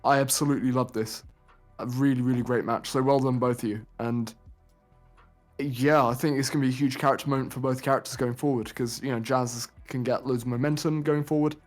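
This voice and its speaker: A man's voice: mid-range voice, fairly even intonation, brisk, soft background music. A man chatting casually on a podcast, candid and laughing often. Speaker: podcast guest. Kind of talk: casual chat.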